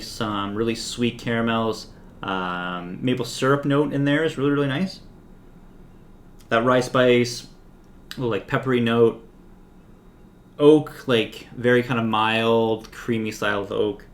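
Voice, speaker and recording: A man of ordinary, middle pitch hosts a spirits review in an easygoing, unscripted way. He talks with lots of "like" and "um" fillers, relaxed and conversational. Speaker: whiskey reviewer host. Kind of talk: casual review talk.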